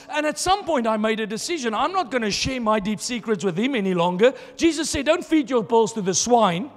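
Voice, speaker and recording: A man's voice: very high-pitched, expressive, a little fast, few pauses, big-room sound. A man preaching a sermon as pastor, emphatic and repeating key phrases for stress. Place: church hall.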